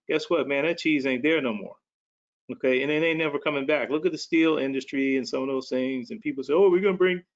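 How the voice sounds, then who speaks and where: A man with a gravelly, fry-edged voice hosts a business webinar in a folksy, fired-up manner. He comes through a dull, lo-fi video call. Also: medium pitch. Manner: folksy and animated, calls listeners "man" and "baby". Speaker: webinar host. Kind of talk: energetic motivational talk.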